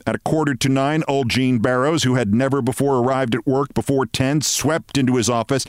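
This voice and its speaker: A man hosting a show, reading a story aloud in a measured, expressive way. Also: mid-range voice, no echo, studio quality. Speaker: host.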